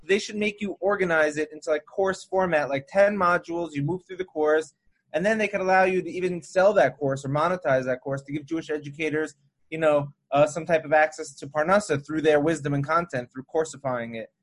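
Man, a bit high, eager, casual chat, full of ideas. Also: brisk. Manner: enthusiastic, pitching ideas.

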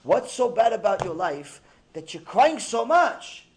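A man's voice: high voice, sing-song, unhurried. A man voicing a stubborn, nosy American stranger. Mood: prying. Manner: persistent, prying, quieter.

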